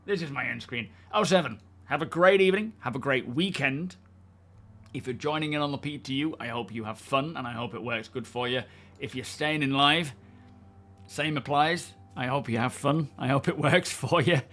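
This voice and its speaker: A man streaming a game, chatting in a relaxed, rambling way with plenty of fillers and friendly thanks to his viewers. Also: mid-range voice, moderate pace. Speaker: game livestreamer. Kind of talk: casual livestream chat.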